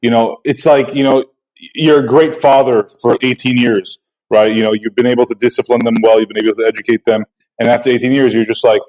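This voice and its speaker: A man hosts a podcast interview in a conversational, questioning style, talking things through with many fillers. His mid-range voice is a little mellow and fairly quick, and the audio is poor.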